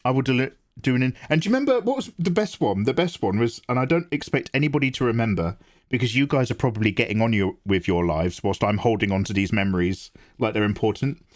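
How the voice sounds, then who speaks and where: A man's voice: medium pitch, expressive, quick pace. A man hosting an art livestream, chatting casually, self-deprecating and reading viewer messages aloud.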